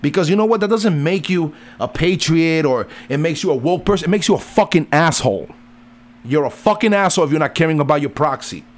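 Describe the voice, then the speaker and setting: A middle-aged man, a father, ranting heatedly and swearing constantly, his pitch jumping up and down as he lectures. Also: animated, a little fast. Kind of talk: profane rant.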